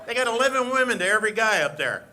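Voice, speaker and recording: A brash older insult comic fires punchy jabs at the crowd in a fairly high voice with a piercing, sharp edge, as a man puts him on. It is a stand-up impression, with faint noise behind it. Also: sing-song, rapid-fire, full character voice. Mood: needling.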